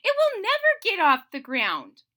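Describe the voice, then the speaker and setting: A woman's voice: very high-pitched, huge pitch swings, a little slow, pushed and bright, pitched above the performer's own voice, full character voice. A woman voicing a small, gloomy toad in a storybook read-aloud, whiny and ready to give up. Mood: discouraged. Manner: whiny and complaining.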